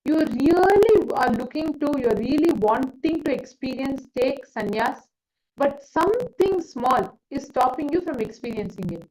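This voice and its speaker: A woman with a high voice leads an online spiritual gathering. She calls on participants by name and tells an earnest parable. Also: a little mellow, rough recording. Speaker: spiritual session facilitator. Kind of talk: storytelling sermon.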